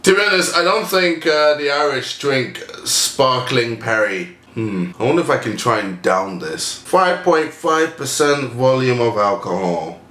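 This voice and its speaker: A young man hosting a jokey vlog Q&A, loud and goofy with sudden shouts. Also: mid-range voice, lively intonation, measured pace, few pauses, roomy sound. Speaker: vlogger host. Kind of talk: comedic vlog Q&A.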